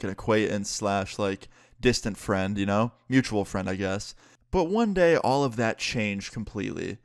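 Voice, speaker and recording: A young man with a lowish voice tells a story in a loose, rambling way, full of "like" and "you know" and the odd swear. The sound is dry and close, with no room echo. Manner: laid-back, filler-heavy storytelling with casual swearing. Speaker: YouTuber. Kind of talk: casual storytime narration.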